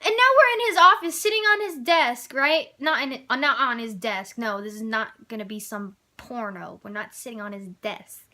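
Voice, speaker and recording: A woman's voice: fairly high pitch, moderate pace, sharp tone. A teenage girl telling a story in a casual, exasperated and profane rant about getting in trouble at school.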